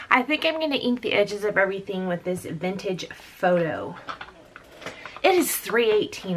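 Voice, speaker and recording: A woman's voice: on the low side, fairly bright tone, slight background noise. A woman hosting a scrapbooking video at home, chatting casually and rambling as she works, often calling viewers "dude". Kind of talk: casual chat while crafting. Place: home craft room with door open.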